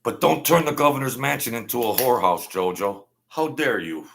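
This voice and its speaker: A man's voice: medium pitch, expressive, brisk, gravelly, a bit bright, a little hiss or hum. A man hosting a casual livestream rant, blunt and slangy, rambling and stuttering as he goes. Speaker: livestream host.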